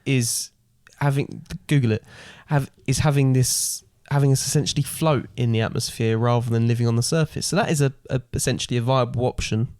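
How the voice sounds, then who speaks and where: A man's voice: mid-range voice, fairly even intonation, brisk, few pauses, darkish tone, no echo, studio quality. A man co-hosting a casual podcast, explaining ideas at length and thinking aloud. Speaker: podcast co-host. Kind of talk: casual chat.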